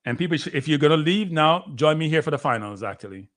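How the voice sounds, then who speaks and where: Excitable Jamaican man hosting a watchalong. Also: a little high, fast talker. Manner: excitable, chatty, calls out to viewers. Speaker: livestream host. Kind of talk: live sports watchalong commentary.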